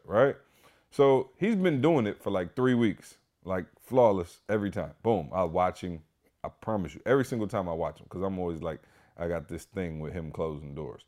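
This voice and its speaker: A man hosting a podcast, telling a story in a casual, animated way, emphatic and full of "like" and "y'all". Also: low voice, normal speed. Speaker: podcast host.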